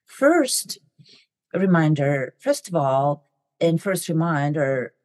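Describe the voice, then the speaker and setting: A middle-aged woman with a foreign accent delivers a motivational talk in a low, mellow voice. She speaks quickly, clips the ends of her words and leans on "right?" and "you know" as fillers. The sound is dry and close. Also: no room sound. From immigrant to the US. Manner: fast talker who swallows word endings, frequent fillers like "right?" and "you know". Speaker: podcast host.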